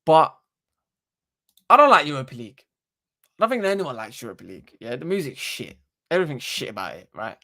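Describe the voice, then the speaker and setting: A young man, hosting a casual live stream into a desktop microphone and talking in an animated, slangy, sweary way. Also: fairly high pitch, fairly quick, long pauses. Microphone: desktop USB microphone.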